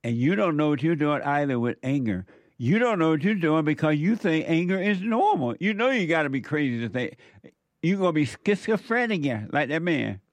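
Emphatic radio host lecturing listeners. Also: male voice, on the high side, expressive, fairly quick, no echo. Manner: emphatic, lecturing, often laughing. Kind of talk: call-in talk show preaching. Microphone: studio mic.

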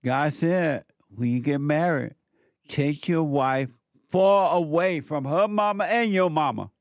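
Man, radio talk host, preachy and emphatic, fairly high voice, dry close sound. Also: takes it slowly, no room sound. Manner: preachy, emphatic, repeats phrases.

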